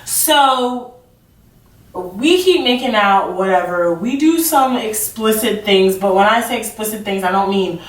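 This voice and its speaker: A woman's voice: medium pitch, lively intonation, unhurried. A young woman telling a storytime vlog in a chatty, goofy way, full of "like". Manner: chatty, filler-heavy 'like'; self-described awkward and goofy. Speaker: vlogger. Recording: roomy sound from a distant mic.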